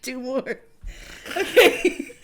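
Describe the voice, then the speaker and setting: A woman's voice: high-pitched, lively intonation, very slow, fairly bright tone, a little hiss or hum. A young woman co-hosting a comedy podcast, telling stories in casual chat with lots of laughing and filler words. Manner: giggly, laughs often, many fillers. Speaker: podcast co-host.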